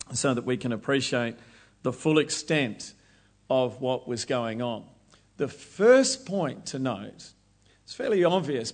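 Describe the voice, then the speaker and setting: A man preaching a Bible study sermon, explaining verses slowly and deliberately. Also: on the high side.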